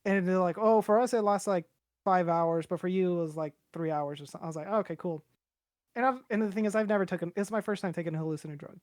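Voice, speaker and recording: A man's voice: sits high, quick pace, no room sound, clean studio sound. Young man telling a rambling story. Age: young adult. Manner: rambling, profane, acts out quoted voices. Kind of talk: casual storytelling.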